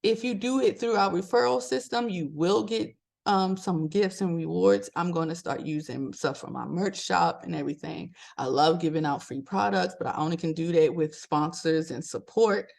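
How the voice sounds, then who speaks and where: Middle-aged woman host from Maryland, casual and animated, pitch leaps for emphasis, laughs a lot. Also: moderate pace, vocal fry, few pauses. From Maryland, USA. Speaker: podcast host. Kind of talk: casual motivational talk.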